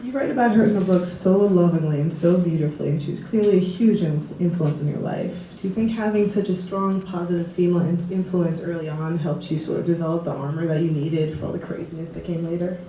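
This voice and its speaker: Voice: mid-range voice, fast talker, few pauses, dark tone, slight background noise. An interviewer asking admiring, enthusiastic questions on stage. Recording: echoey room from far off.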